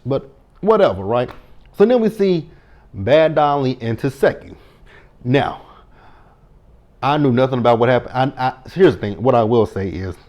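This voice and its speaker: A man's voice: medium pitch, a little mellow. A man in his thirties giving a casual reality TV recap, blunt and profane, speaking straight to the cast members and stressing his words. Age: 30s.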